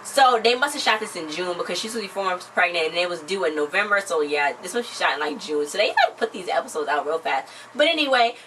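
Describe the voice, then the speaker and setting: A woman's voice: lowish voice, animated, quick pace, hardly any pauses. A woman chatting casually as co-host of a TV recap channel, retelling scenes by acting out what people said. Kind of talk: casual chat recapping a reality show. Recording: distant mic with faint background noise.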